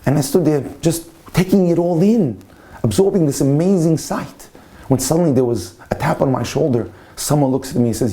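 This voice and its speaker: A man, a rabbi, telling a story in a passionate, animated storytelling manner. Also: on the high side, brisk. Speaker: rabbi and lecturer. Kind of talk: storytelling talk.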